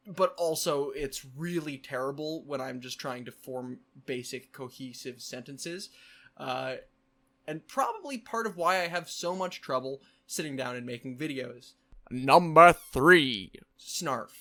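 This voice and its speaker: A man chatting to his camera in a loose vlog style. His voice is bright and forward and sits a little high for a man. He keeps it playful, with quick asides and bursts of repeated phrases. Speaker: vlogger. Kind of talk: casual vlog monologue.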